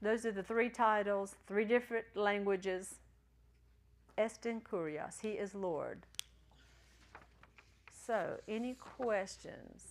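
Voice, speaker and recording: In a slow, mid-range voice with frequent pauses, a Greek teacher at a ministry school lectures her class. She keeps things chatty and supportive, sharing jokes with the students.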